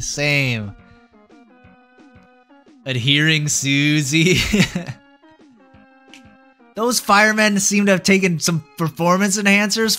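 Young male streamer, excitable live gameplay commentary, bright lively voice, unhurried delivery, faint music behind. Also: sits high. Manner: excitable, yelps and groans at the game. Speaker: VTuber streamer.

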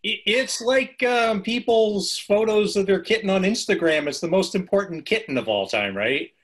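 A man's voice: sits high, animated, normal speed. A man in a casual web conference discussion, amused and a bit hesitant with ums.

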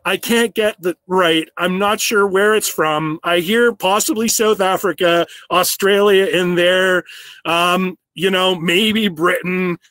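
A man who owns a business, delivering a prepared, earnest storytelling speech with slow, emphatic phrases. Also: high-pitched, fairly bright tone, dry recording. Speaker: business owner giving an awards speech.

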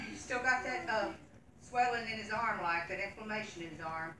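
A woman's voice: medium pitch, fairly even intonation, normal speed, sharp tone, slight background noise. A middle-aged woman, giving a Sunday school lesson in church in an earnest, folksy way, reading scripture aloud. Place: church room. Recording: echoey room from far off.

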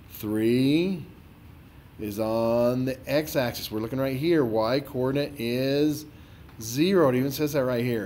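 A man's voice: medium pitch, a little mellow, slight background noise. A man playing a math teacher who walks a student through a problem, scolding and sarcastic about the student not paying attention. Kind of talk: dramatized tutoring walkthrough.

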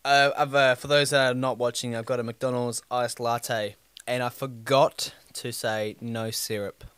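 A man's voice: medium pitch, little pitch movement, unhurried, fairly bright tone, clear, resonant tone, no echo. A man, co-hosting a casual podcast chat and rambling with restarts. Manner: rambling, frequent restarts and fillers. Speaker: podcast co-host.

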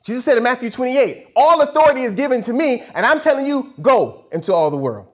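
An animated pastor preaches fast, his pitch rising and falling freely. His delivery is casual, emphatic, and colloquial, hammering points home through repeated phrases and questions he then answers himself.

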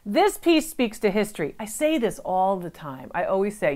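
A woman's voice: medium pitch, very animated, moderate pace, a little mellow. A middle-aged woman from the United States, an antiques appraiser giving chatty, emphatic tips and digressing into anecdotes.

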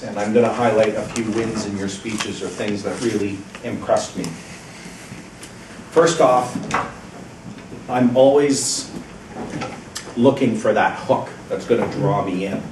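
A man giving an encouraging, measured evaluation of a speech at a club meeting, pausing deliberately between points. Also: lowish voice. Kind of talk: prepared feedback speech. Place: meeting room, speaking at a lectern. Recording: roomy, distant, faint background hiss.

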